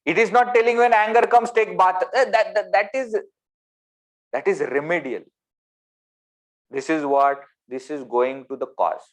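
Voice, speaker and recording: A man with an Indian English accent giving a spiritual discourse over a video call, animated and full of rhetorical questions. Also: sits high, a little slow, long pauses. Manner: animated, rhetorical questions, swings between loud and soft. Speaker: spiritual teacher.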